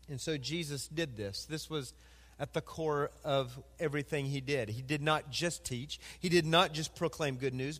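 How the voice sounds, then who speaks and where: A man preaching a sermon as pastor, animated and acting out quoted voices. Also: on the high side, big-room sound.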